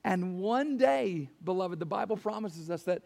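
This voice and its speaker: Preaching a sermon to his church at a measured pace, this male pastor has a high-sitting, expressive voice with vocal fry. He delivers emphatically, circling back to key phrases and nearly shouting at his main points.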